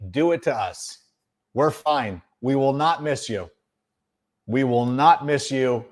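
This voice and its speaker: A middle-aged man hosts a sports podcast in an exasperated, sarcastic monologue. His fairly high voice leaps around with lively swings in pitch, and he leans hard on his words for emphasis. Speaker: podcast host. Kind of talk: ranting sports commentary.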